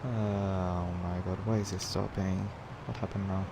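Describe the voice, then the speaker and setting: A man streaming flight simulator gameplay, excitably commenting on his flying and talking to chat. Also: low voice, a little slow, background noise.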